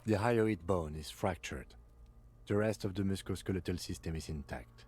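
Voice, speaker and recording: An actor voicing a calm, methodical male police lieutenant in a game, speaking in a dry, clinical, composed way. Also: deep voice, moderate pace, husky. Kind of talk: game voice acting.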